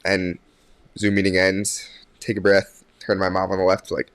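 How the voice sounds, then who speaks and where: A young man tells a story as a podcast guest, in a voice a little lower than most. He rambles with plenty of fillers and restarts. The sound is dry and close. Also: normal speed, clean tone, dry recording. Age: young adult. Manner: animated when quoting others. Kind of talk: casual storytelling.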